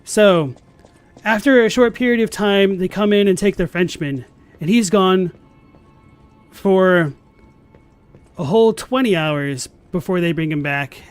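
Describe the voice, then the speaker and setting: A young man chatting deadpan and rambling while he plays a game live on stream. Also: high voice, smooth. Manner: rambling, filler-heavy. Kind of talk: casual live-stream chat while gaming. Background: faint game music.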